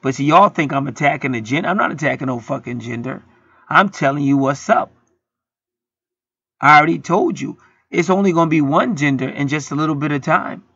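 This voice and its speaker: Heated, profane preacher man with a gravelly edge. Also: on the high side, brisk, a bit bright, no echo, highs cut off. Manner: profane, heated, rants and acts out quotes. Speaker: internet preacher. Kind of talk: street-style preaching monologue.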